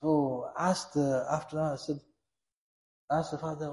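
Earnest preacher with an echoing voice. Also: male voice, fairly high pitch, measured pace, long pauses, dark tone. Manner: earnest, repetitive, exhorting. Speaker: Islamic preacher. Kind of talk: sermon. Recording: echoey room.

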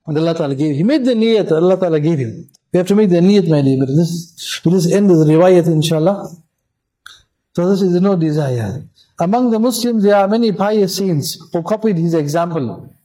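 A man's voice: high voice, lively intonation, moderate pace, mellow, poor audio. A man preaching a sermon as a mufti, urging his listeners with passionate, repetitive exhortation.

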